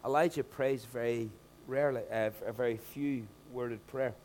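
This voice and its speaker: A male pastor delivers a sermon in a mid-pitched voice, lively and conversational, rising to loud emphatic bursts when he acts out scenes. A faint hum sits under the recording. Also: normal speed.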